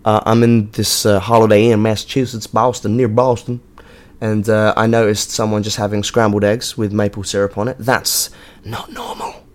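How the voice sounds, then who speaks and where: A man's voice: lowish voice, little pitch movement, a little fast, darkish tone. An Englishman hosting his own show, talking casually in a rambling, jokey way with lots of swearing and fillers, from a hotel room. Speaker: podcast host and touring musician. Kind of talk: casual monologue.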